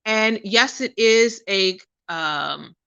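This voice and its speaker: Bright-voiced woman telling stories. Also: medium pitch, animated, very slow, gravelly, clear, resonant tone, dry recording. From Pittsburgh. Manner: conversational, many fillers and asides. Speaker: podcast host. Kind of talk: casual storytelling. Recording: dry, dull lo-fi.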